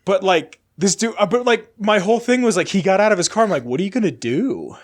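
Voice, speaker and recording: A young man co-hosting a podcast, chatting casually and telling a story with lively energy and plenty of swearing. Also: high-pitched, fast talker. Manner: animated storytelling, swears freely. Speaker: podcast co-host. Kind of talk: casual chat.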